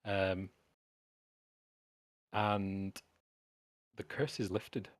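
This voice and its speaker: A man's voice: sits low, steady tone, no room sound. A man narrating a tabletop game as game master, stumbling and restarting his sentences. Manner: halting narration with stutters and restarts.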